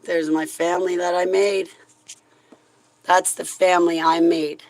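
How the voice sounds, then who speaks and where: A grieving woman, tearful and halting, chatting emotionally and rambling to her viewers. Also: lowish voice, level tone, darkish tone, rough recording. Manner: halting, rambling and raw with grief. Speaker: vlogger talking to viewers. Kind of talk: emotional live chat to viewers.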